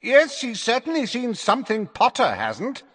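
A man's voice: extremely high pitch, huge pitch swings, normal speed, a bit bright, in a large hall, pitched above the performer's own voice, full character voice. A man reading an audiobook voices a teenage boy calling a school sports match with a gloating tone. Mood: announcing.

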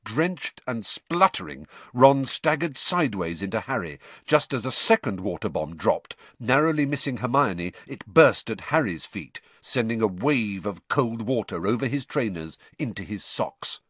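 A man reads a novel aloud in a lowish voice that rises and falls with lively expression. His pacing is measured and deliberate, and the recording is close and dry with no room sound. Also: slightly rough, dry recording. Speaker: audiobook narrator. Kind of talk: scripted narration.

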